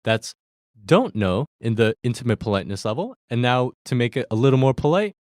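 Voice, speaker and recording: Lively-voiced man teaching Korean phrases. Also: medium pitch, a little fast, dry recording, studio quality. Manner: friendly, breaks down phrases step by step, laughs easily. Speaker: language lesson host. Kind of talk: explaining Korean phrases to learners.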